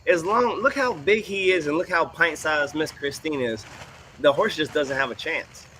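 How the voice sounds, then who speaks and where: A man who trains horses, commenting on student videos in a folksy, animated way. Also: a little high, normal speed, slight background noise. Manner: folksy, animated, puts on voices for quoted people and horses.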